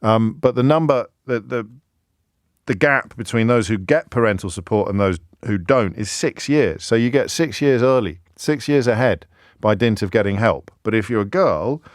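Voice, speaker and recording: A man hosting a live radio phone-in, animated and wry, often restarting his sentences. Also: lowish voice, moderate pace, dry recording, studio quality. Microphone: studio microphone.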